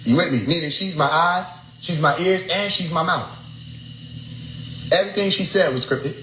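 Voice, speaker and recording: Young man, slightly high voice, animated and preachy storyteller who swears freely, echoey room with faint noise. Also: normal speed. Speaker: speaker addressing his followers. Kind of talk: casual storytelling lecture.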